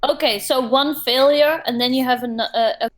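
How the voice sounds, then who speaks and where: A woman running a tabletop game as game master over an online call, narrating scenes vividly with hesitant pauses. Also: high voice, steady tone.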